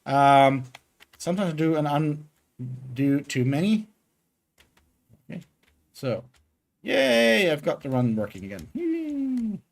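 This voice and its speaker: A man's voice: fairly high pitch, expressive, slow pace, creaky, pauses often. A man streaming his game development work, chatting casually and thinking aloud with many fillers. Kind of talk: casual live coding stream.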